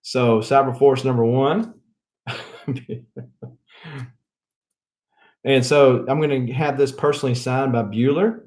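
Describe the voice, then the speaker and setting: Southern-accented man, casual rambling host, lots of chuckles and drawn-out fillers. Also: medium pitch, steady tone, a little mellow. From Mississippi. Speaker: comic book channel host. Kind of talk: casual rambling haul chat.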